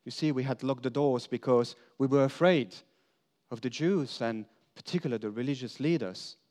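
Speaking in the first person as an apostle, a man performs a dramatic monologue at a medium pitch and normal speed. He tells the story with earnest feeling, shifting from emphatic lines to hushed confession.

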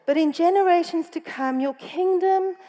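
A woman's voice: very high-pitched, moderate pace, warm tone, in a large hall. A woman pastor giving a chatty sermon in a church, telling a Bible story with frequent self-corrections. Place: church hall.

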